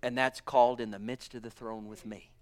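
A man preaching a sermon with fervor, swinging between booming exclamations and hushed murmurs, calling his listeners honey and sweetheart. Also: level tone, fairly quick.

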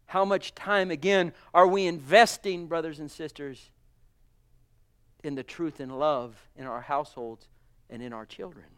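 This preacher's voice sits on the high side, clear and resonant, and he speaks a little slowly. Full of fervor, he moves between soft whispers and loud, emphatic appeals, repeatedly addressing his church as brothers and sisters.

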